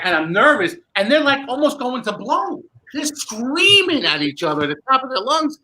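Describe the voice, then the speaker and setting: Animated storytelling man, bright voice. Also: high-pitched, moderate pace, low-quality recording. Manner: animated, acts out dialogue. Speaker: guest magician. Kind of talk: casual storytelling.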